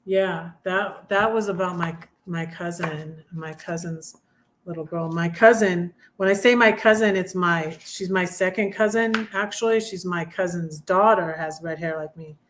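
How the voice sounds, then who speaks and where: A woman's voice: lowish voice, measured pace, a little hiss or hum. A middle-aged woman hosting a casual livestream, rambling with fillers and restarts as she chats. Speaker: livestream host reading poems. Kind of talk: casual livestream chat and poetry reading.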